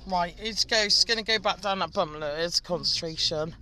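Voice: medium pitch, moderate pace, pushed and bright. A live-streamer in a car's passenger seat, chatting loosely and greeting viewers by name between directions to the driver. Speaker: livestreamer. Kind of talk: live-stream chat while riding in a car. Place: passenger seat of a moving car.

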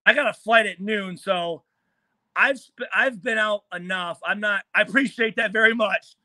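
A man in a hotel room on a video call, a former football player telling animated, profane stories in casual chat. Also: high-pitched, normal speed, dry recording. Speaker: former NFL player guest.

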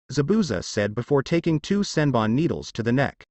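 A man's voice: medium pitch, big pitch swings, a little fast, few pauses, a little mellow, no echo. A man narrating a fan fiction story in a plain read-aloud manner.

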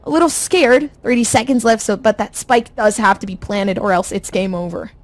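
A woman's voice: mid-range voice, moderate pace, rough recording. A woman casting an esports match live, often stammering and repeating her words. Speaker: esports caster. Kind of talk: live play-by-play commentary. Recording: clear background noise.

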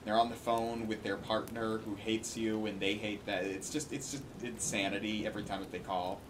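A man's voice: lowish voice, flat delivery, normal speed, background noise. A man host giving casual, sarcastic and exasperated commentary on a played call. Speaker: commentary streamer.

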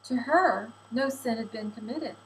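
A woman narrates a novel aloud in a measured, expressive reading voice. Her pitch sits a little high, and a faint hum runs under the home recording. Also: rough recording. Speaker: audiobook reader. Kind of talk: audiobook narration.

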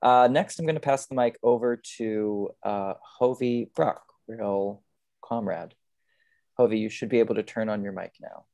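A woman moderates a Q&A over a video call, thanking speakers and handing the mic on briskly. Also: very deep voice, creaky, warm tone, no room sound.

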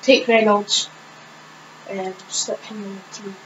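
A woman giving casual gameplay commentary on her own channel, thinking aloud in a hesitant way with many pauses and fillers. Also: medium pitch, level tone, lo-fi sound, a little hiss or hum. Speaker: gaming channel host.

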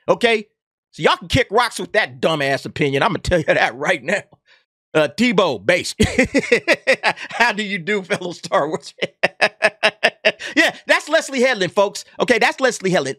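A man's voice: high-pitched, sing-song, normal speed, fairly bright tone, no echo. Ranting sarcastic man, dry sound. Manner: sarcastic, emphatic, keeps tagging "okay?". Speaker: YouTube commentary host. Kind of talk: heated opinion rant.

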